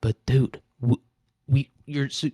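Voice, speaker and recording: A man rants alone on his podcast in a loose, rambling, sarcastic way, swearing freely. His voice is mellow and dark. It sounds dry and close, with no room echo. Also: mid-range voice, steady tone, takes it slowly, husky. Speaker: podcast host. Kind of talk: casual solo rant.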